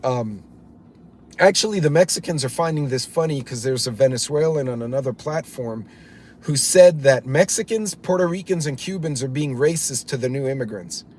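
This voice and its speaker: A man's voice: medium pitch, lively intonation, normal speed, darkish tone, slight background noise. A man hosting a live stream, rambling bluntly in casual commentary, swearing offhand and greeting viewers by name as he goes. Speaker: livestream host reading chat.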